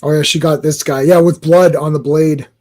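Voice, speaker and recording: Mellow-voiced man hosting a comics chat. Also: on the high side, fairly even intonation, moderate pace. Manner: chatty, reads comic dialogue aloud. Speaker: comic book podcast host. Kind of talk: casual chat.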